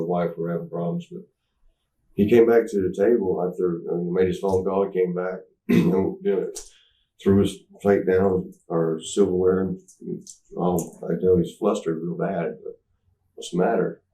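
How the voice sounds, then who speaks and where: A former wrestler as an interview guest, telling candid stories in a rambling, halting way full of fillers and restarts. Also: male voice, low-pitched, flat delivery, warm tone. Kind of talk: candid anecdotal storytelling. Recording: roomy sound, mic at a distance.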